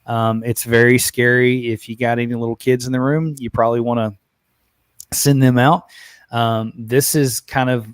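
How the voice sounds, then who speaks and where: Guy hosting a live podcast, excitable, keeps repeating himself, dry close sound. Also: medium pitch, normal speed, clean tone, dry recording. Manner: excitable, repeats words and restarts often. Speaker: podcast host. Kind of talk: casual live-stream chat.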